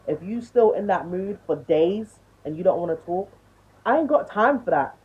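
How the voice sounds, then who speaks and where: A woman's voice: fairly low pitch, animated, moderate pace, husky. A woman in her twenties ranting bluntly to camera, swearing and lecturing, on tinny phone-like audio. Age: 20s. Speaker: vlogger.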